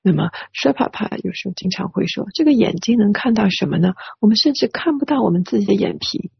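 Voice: mid-range voice, lively intonation, quick pace, creaky, breathy edge, no echo. An interpreter rendering a sermon phrase by phrase, hesitant with many filler sounds, on a dry, dull lo-fi recording.

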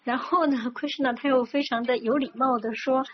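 A woman's voice: high-pitched, fairly even intonation, normal speed. A woman interpreting a religious talk phrase by phrase, fluent but with frequent fillers. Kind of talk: consecutive interpreting of a sermon. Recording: dull lo-fi recording with faint noise.

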